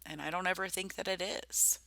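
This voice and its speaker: A woman's voice: lowish voice, steady tone, brisk, vocal fry, bright, forceful tone, no echo. A middle-aged woman giving a rambling personal slideshow presentation, full of ums and self-corrections.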